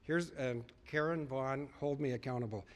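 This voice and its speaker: A man addressing a live audience in an earnest storytelling speech. He retells conversations and repeats points for emphasis, in a mid-pitched voice. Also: normal speed. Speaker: public speaker.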